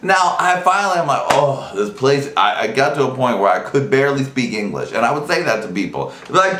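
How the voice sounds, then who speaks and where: Male vlog host, chatty storyteller who puts on voices; lively pitch, recorded in an echoey room. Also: a little fast, hardly any pauses. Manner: animated, acts out quoted voices. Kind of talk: casual storytelling chat. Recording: echoey room, faint noise.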